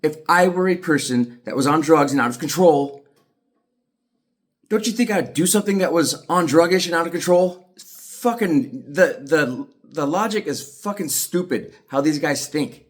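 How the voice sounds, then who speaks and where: A man's voice: fairly high pitch, moderate pace. A middle-aged man giving an agitated, profane monologue to the camera as an aggrieved father. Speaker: aggrieved father telling his story.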